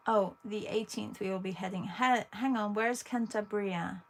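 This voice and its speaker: A woman with an English accent, hosting an art livestream, chatting casually with viewers while she paints and pausing often. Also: medium pitch. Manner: chatty, talks to viewers between long pauses.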